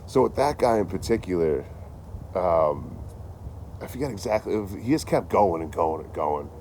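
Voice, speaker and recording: A man's voice: low voice, expressive, moderate pace, a little mellow, a little hiss or hum. A man chatting casually on a livestream, rambling and swearing, laughing often as he tells stories. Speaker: traveling livestreamer.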